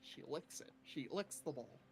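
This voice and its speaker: A woman's voice: low voice, expressive, normal speed, a little mellow, slight background noise. A woman player narrating her character's actions in a tabletop role-play game, casual and laughing.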